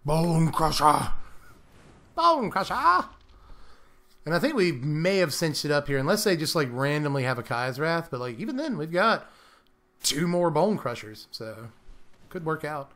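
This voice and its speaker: Young male gameplay commentator, slightly high voice, casual and jokey, quick to laugh. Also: animated, fairly bright tone. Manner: playful, laughs often, slips into mock British accent.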